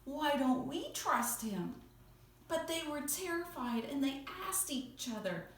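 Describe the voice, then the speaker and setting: A woman's high-sitting voice moves slowly as she playfully and expressively shares a Bible story with children in church. The room is echoey and she's some distance from the listener.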